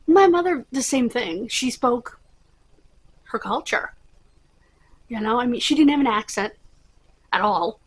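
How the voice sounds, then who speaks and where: Husky, chatty middle-aged woman vlogger. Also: a little high, animated, a little slow, long pauses, rough recording. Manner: rambling, chatty, with many fillers. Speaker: channel host. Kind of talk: casual chat to camera.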